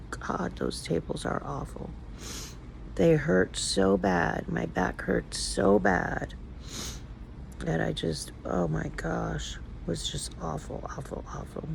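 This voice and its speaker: Gravelly-voiced older woman vlogging. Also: sits low, slight background noise, poor audio. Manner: emotional, rambling, confiding. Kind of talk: casual personal vlog talk.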